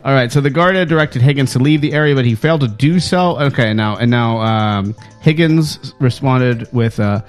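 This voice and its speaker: A man's voice: medium pitch, moderate pace, hardly any pauses, soft background music. A man co-hosting a comedic talk show, reading out a local news story with playful announcer flair and laughing asides.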